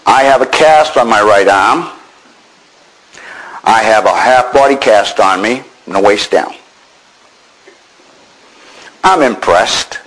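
An older man from Maine recounts his past in a dry, understated way. His voice sits a little low, and his tone stays wry and matter-of-fact throughout. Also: measured pace, a bit bright, rough recording. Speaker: veteran telling his war story. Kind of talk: personal storytelling.

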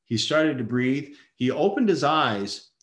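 A man's voice: medium pitch, expressive, unhurried, fairly bright tone. Earnest middle-aged man in an echoey room. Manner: earnest storyteller, acts out quoted voices. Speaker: father telling a personal story. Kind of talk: emotional personal testimony.

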